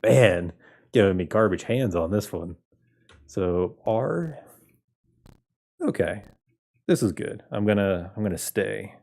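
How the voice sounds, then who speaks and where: A man's voice: lowish voice, expressive, takes it slowly, gravelly, pauses often, a little mellow. A man giving casual commentary while playing games, laid-back and chatting with viewers, often laughing. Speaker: game streamer. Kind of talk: casual game playthrough commentary.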